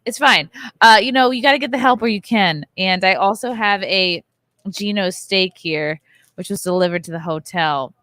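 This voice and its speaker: A woman in her thirties hosts a casual podcast chat and rants through her story with plenty of swearing. Her voice is bright and sharp, and the sound is close and dry with no room echo. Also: medium pitch, normal speed. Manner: profane, ranting storyteller. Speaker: podcast host. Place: hotel bar.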